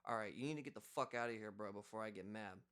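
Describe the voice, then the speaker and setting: A man's voice: lowish voice, fast talker, a bit bright, clean tone, close to an everyday voice. A man playing a blunt, cocky bar tough. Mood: threatening. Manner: blunt, dismissive.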